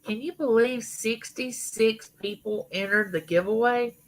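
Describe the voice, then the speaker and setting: A woman's voice: on the high side, a little slow, slight background noise, low-quality recording. Chatty Southern woman greeting viewers. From Mississippi, US. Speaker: YouTube channel host. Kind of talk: casual livestream chat greeting viewers.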